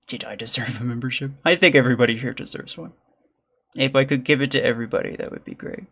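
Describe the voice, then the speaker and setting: A male gaming streamer talking casually to his live chat. He answers viewers' questions in a loose, offhand way and slips into low mutters while he plays. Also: fast talker, gravelly, a bit bright, breathy edge. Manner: chatty, reads and answers chat, mutters during play. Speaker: gaming livestreamer.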